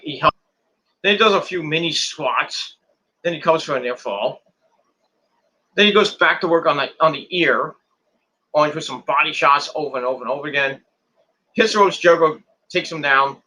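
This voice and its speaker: A man's voice: on the high side, pushed and bright. A man casually recapping a wrestling match move by move, rambling and repeating words as he goes. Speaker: wrestling show reviewer.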